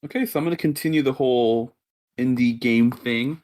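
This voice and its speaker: A man's voice: mid-range voice, brisk, darkish tone. A man appearing as a podcast guest, talking in a laid-back way with frequent "you know" fillers. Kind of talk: casual chat.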